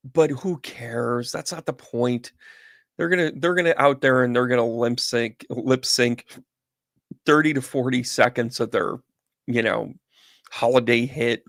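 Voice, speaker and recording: Gravelly, chatty man host. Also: mid-range voice, no room sound. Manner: chatty and animated, chuckles as he goes. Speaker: host and medium. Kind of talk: casual livestream chat.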